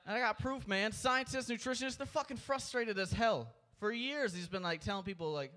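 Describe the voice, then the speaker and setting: A man's voice: high voice, fairly quick, hardly any pauses, sharp tone. A man doing stand-up at an open mic, with a profane, exasperated rant into a handheld mic. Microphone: handheld stage mic.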